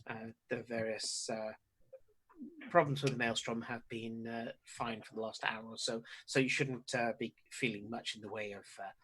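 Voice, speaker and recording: A man voicing a male wizard official who mutters his reassurances quietly and hesitantly. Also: mid-range voice, fairly even intonation, moderate pace, a little hiss or hum, pitched below the performer's own voice, close to an everyday voice, poor audio. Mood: reassuring. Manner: hushed, mutters.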